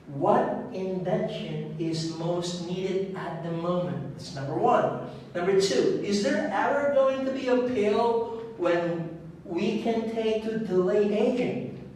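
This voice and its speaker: A man teaching an online English lesson, speaking slowly and clearly and drilling the pronunciation of words one at a time. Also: high voice, very echoey, recorded from a distance, slight background noise, poor audio. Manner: slow and clear, drilling words with a repeated stress.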